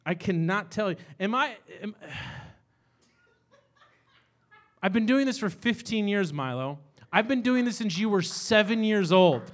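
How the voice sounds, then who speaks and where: A man hosting a late-night style comedy show on stage in a small bar, speaking into a handheld mic. His voice sits high for a man. He rambles in a self-deprecating way and works himself up into exasperated rants. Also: animated, unhurried, pauses often. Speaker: host. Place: small bar venue with live audience.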